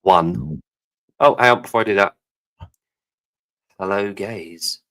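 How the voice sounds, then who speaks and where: A man's voice: on the low side, lively intonation, moderate pace, a bit bright. A man co-hosting a live podcast, rambling, jokey and swearing freely in casual chat. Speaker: podcast co-host.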